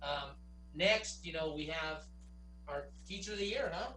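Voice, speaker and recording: A man's voice: fairly high pitch, a little slow, bright, forceful tone. An upbeat man co-hosts a school awards ceremony and hands off to each speaker. He sounds distant from the mic in an echoey room. A faint hum comes through. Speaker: district co-host. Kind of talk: ceremony presenting on a video call.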